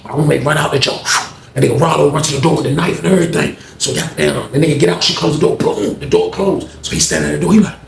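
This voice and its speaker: A man's voice: a little high, fast, vocal fry. A man animatedly telling a profane story, acting out the scene as he goes, recorded in an echoey room. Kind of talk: casual storytelling. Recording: echoey room with faint background noise.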